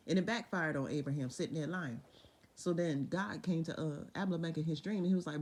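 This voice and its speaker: A woman's voice: fairly low pitch, quick pace, darkish tone. A young woman casually retelling Bible stories with lots of profanity, laughter and voiced quotes.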